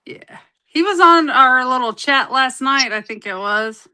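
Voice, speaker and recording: A woman's voice: high-pitched, expressive, bright, forceful tone, clear, resonant tone. A woman co-hosting a casual beading livestream, playful and teasing in her remarks. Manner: playful, teasing, quick to laugh. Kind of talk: casual chat.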